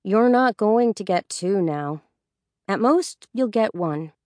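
A woman voicing a stressed older sister who barks sharp orders at her siblings. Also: medium pitch, expressive, slow, no room sound, clean studio sound. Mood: bossy firm. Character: bossy, stressed older sister running the household.

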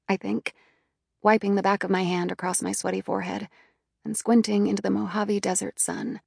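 A woman reading a first-person audiobook in a quiet, inward, subdued manner. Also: medium pitch, little pitch movement, moderate pace, creaky, husky, dry recording, clean studio sound. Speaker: audiobook narrator.

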